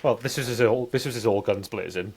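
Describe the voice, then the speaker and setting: A man's voice: fairly low pitch, fairly quick, a little mellow, husky. A man co-hosting a casual movie podcast, speaking bluntly and with strong opinions. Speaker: podcast co-host. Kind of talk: casual movie review chat.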